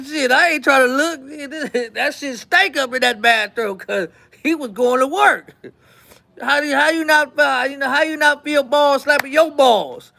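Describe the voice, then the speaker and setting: High-voiced man telling a wild story. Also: vocal fry. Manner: animated, acts out quotes, repeats lines for effect. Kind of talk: casual storytelling.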